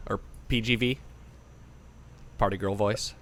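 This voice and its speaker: A man in his thirties hosts a loose, chatty gaming podcast. His voice sounds bright and forward, and he jokes and swears freely. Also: lowish voice, fairly even intonation, unhurried, no echo. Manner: joking, casually profane. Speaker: podcast host. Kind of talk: casual podcast chat.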